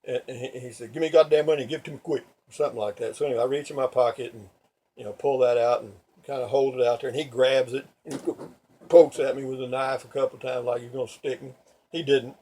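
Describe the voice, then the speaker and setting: An older man spins a rambling, folksy story straight to camera, cursing freely and wandering off on asides. His pitch sits in the middle for a man. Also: steady tone, fast, dark tone, husky. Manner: folksy, profane, digressive. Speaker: vlogger.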